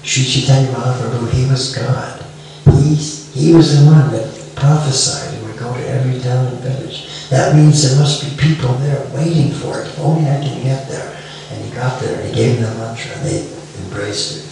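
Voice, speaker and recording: A middle-aged man giving a devotional lecture with stories, softly chanting a mantra between remarks and asking his listeners questions. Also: mid-range voice, normal speed. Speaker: devotional speaker. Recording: echoey room, far from mic, faint hiss.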